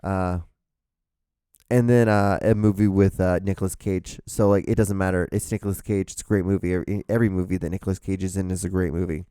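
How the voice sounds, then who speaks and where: Rambling, tired young man with a dark voice. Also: deep voice, fairly even intonation, a little fast, smooth, no echo, studio quality. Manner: rambling, profane, self-deprecating, lots of fillers and restarts. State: tired, voice going out. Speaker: host. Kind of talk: casual solo rambling.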